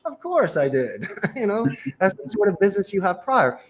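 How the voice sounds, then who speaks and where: Brief: male sales coach, high and very lively pitch, punchy and emphatic delivery. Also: normal speed, slight background noise. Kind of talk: energetic advice in a panel chat.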